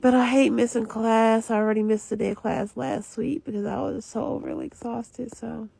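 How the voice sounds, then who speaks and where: A woman's voice: a little high, steady tone, moderate pace, creaky, warm tone, husky. A young woman, a student with a retail job, lying in bed and venting about being exhausted, swearing often. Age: young adult. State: very tired. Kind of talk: casual vlog confession.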